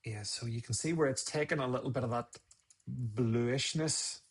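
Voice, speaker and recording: A man's voice: mid-range voice, normal speed, breathy edge. A man casually talking viewers through a photo edit on a live stream, rambling and thinking aloud as he works.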